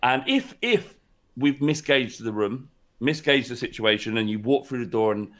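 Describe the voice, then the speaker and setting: A man co-hosting a casual podcast in a middle-pitched voice. He rambles, restarts his sentences and swears in a loose, easy way. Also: expressive, normal speed, fairly bright tone. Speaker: podcast co-host.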